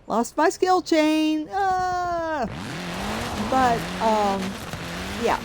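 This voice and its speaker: A woman's voice: sits high, heavy background noise. An older woman streaming a racing game, chatting casually and giggling often. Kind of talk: casual live-stream commentary.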